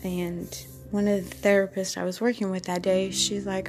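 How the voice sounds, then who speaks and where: A woman, a respiratory therapist, telling a personal story in an earnest, halting way, often repeating herself. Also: medium pitch, flat delivery, darkish tone, faint music behind.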